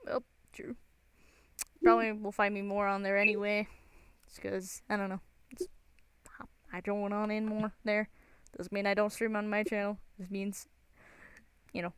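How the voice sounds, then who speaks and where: A woman's voice: mid-range voice, flat delivery, normal speed, pauses often, clean tone, no room sound. A young woman streamer chatting casually, giggly and full of fillers.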